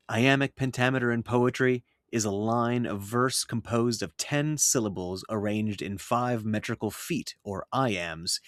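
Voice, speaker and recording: A man teaching how to write poetry in meter, speaking in a measured, scripted way and reading verse aloud with clear rhythm. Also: fairly low pitch, a bit bright, no echo, clean studio sound. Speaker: writing teacher. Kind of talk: scripted lesson narration.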